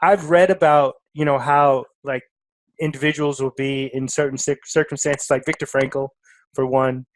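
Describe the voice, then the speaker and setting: A man's voice: medium pitch, fairly even intonation, normal speed, no echo. A man hosting a podcast interview, speaking in an enthusiastic, informal way. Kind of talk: casual interview talk.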